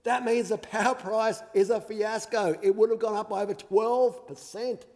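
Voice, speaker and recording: An Australian man with a high voice argues his point in a sarcastic, combative parliamentary speech. His words ring out with a long reverb through a large chamber. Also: fairly even intonation, moderate pace, a little mellow. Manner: combative and sarcastic, mocking opponents. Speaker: member of parliament.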